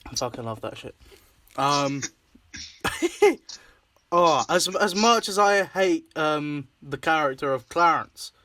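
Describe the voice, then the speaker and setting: A young man with a slightly higher voice hosts a loose, casual chat. He laughs a lot, swears freely and keeps slipping into quick impressions of characters. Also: animated, pushed and bright, dry recording. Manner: laughing, swearing often, acting out scenes in voices. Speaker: host.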